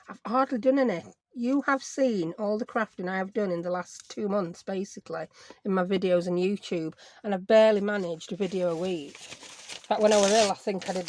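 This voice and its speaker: A talkative middle-aged woman with a broad Yorkshire accent rambles on while she crafts. Her voice sits at an ordinary middle pitch, and her chatter is loose and self-mocking, full of asides to the viewer. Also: a little mellow, dry recording. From Yorkshire, England. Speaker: crafting channel host. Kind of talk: casual chatty crafting vlog.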